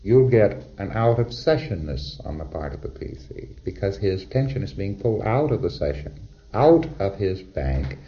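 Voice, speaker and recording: Male lecturer, very low voice, wry and conversational, muffled lo-fi tape. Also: big pitch swings, moderate pace, few pauses. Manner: conversational, wry, acts out exchanges. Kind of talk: recorded lecture to trainees.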